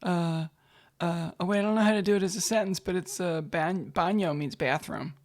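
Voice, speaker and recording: A woman's voice: lowish voice, moderate pace, a little mellow. A woman comedian co-hosting a podcast, joking bluntly and swearing freely in casual chat.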